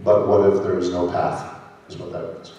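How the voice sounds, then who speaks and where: A man in his sixties, a voice actor on a convention panel, telling lively anecdotes and self-mocking jokes into a handheld mic. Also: low-pitched, moderate pace, vocal fry, dull audio, a little hiss or hum. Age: 60s. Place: large convention hall. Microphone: handheld microphone. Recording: echoey hall, voice from far off.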